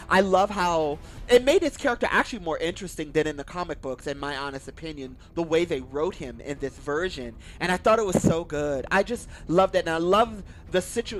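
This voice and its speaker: A man with a high, light voice talks through a film he loves, gushing and enthusiastic and swearing freely. He acts out lines from the film in a casual, excited way. Faint music plays underneath. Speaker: YouTube movie reviewer. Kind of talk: excited casual movie review.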